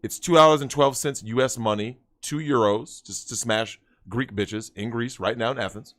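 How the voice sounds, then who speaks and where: A man ranting loudly as a guest in crude livestream banter, brash and exaggerated. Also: mid-range voice, moderate pace. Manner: loud, brash, exaggerated rants. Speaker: podcast guest.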